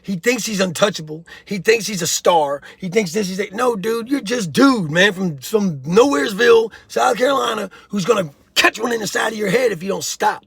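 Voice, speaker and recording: A man with a high, gravelly voice, husky at the edges, delivering blunt streetwise commentary. He lectures the viewer like a friend, with lots of "bro" and "homie". The sound is close and dry. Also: animated, normal speed, hardly any pauses, fairly bright tone, no room sound. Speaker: host of a prison-life commentary channel. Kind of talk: casual commentary vlog.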